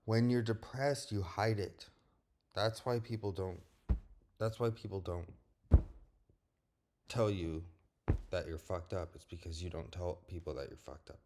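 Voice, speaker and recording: A young man with a deep, low-pitched voice talks straight to the camera in a personal vlog. He is blunt and candid, and he swears freely. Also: measured pace, long pauses, darkish tone. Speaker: vlogger. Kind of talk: personal monologue.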